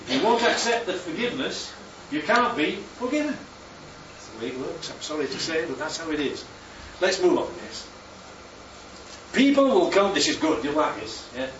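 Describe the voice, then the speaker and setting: Lively northern preacher in an echoey church. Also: male voice, a little high, normal speed, a little hiss or hum. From northern England. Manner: chatty, jokey, asks the congregation questions. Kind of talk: sermon. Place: church hall. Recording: echoey church room, distant mic, dull sound.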